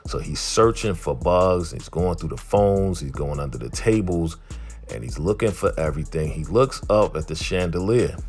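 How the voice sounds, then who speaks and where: A man with a very deep voice talking through an episode recap in a loose, streetwise way. He chats casually like he's telling a friend. Faint music plays underneath. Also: lively intonation, moderate pace, darkish tone. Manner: chatty, streetwise. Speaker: vlogger reviewing a TV episode.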